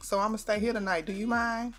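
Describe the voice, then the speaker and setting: A woman's voice: mid-range voice, fairly even intonation, fast talker, lightly acted. A woman voicing an eager young man who pleads with and sweet-talks his grandmother.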